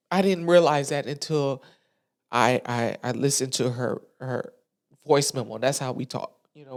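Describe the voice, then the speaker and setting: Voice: mid-range voice, creaky. Candid podcast host speaking from the heart. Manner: candid, emotional, colloquial with many restarts. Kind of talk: casual heartfelt monologue. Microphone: studio microphone.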